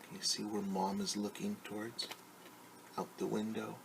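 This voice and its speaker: A man, a teacher, reading a picture book aloud to children in a gentle, hushed way, often dropping to a whisper and explaining new words simply. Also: fairly low pitch, flat delivery, moderate pace, creaky, a little hiss or hum.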